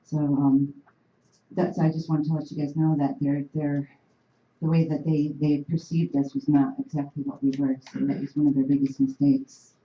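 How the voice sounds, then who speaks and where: A woman from the Oneida Nation, telling an animated, emphatic story to an audience in a university room. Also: low voice, moderate pace, slight background noise. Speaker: panel speaker. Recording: roomy, dull room recording.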